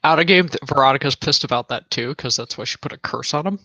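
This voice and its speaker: A man describes his character's actions in a tabletop role-play game. His voice is bright and forceful, and he speaks in a matter-of-fact way. The mic sounds dry and close. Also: medium pitch, quick pace, dry recording, dull audio. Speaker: player.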